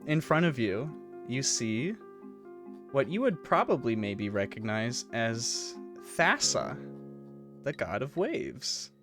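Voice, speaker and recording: Slow, laughing game master. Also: mid-range voice, very animated, music in the background. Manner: laughs often, rambling with fillers. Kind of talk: narrating a tabletop game.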